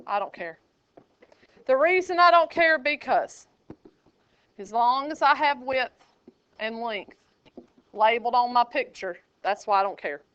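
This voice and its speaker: A sassy woman teacher jokes with her class while walking through problems. Her voice sits high and sounds bright and smooth. The classroom recording is dull and lo-fi. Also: no room sound. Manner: sassy, teasing and lively with students. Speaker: math teacher.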